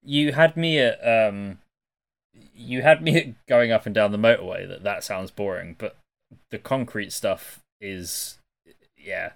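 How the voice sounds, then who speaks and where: A man's voice: on the low side, unhurried, gravelly. A man co-hosting a film podcast, throwing in dry jokey quips. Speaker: podcast co-host. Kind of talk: casual film chat.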